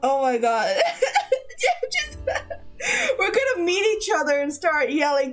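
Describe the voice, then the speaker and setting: A woman's voice: high voice, sing-song, a little slow, long pauses, faint music behind. A woman streamer chatting casually with her chat, laughing often.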